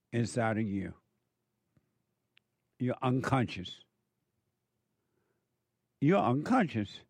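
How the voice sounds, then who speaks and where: A man giving an impassioned spiritual monologue, emphatic and repetitive, slowing down to stress his points. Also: medium pitch, darkish tone, dry recording. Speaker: speaker preaching about the devil.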